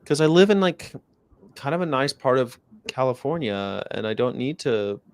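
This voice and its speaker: A man's voice: mid-range voice, lively intonation, normal speed, dry recording. A man hosting a livestream, chatting casually over a video call, rambling from story to story and swearing freely. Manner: rambling, profane, anecdotal. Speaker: livestream host. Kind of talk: casual chat.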